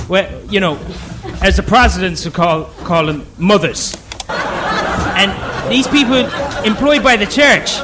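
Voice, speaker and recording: A man's voice: sits high, noisy background. A man voicing a rambling, hesitant Irish comedian with an Irish accent, repeating himself. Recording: music and crowd behind.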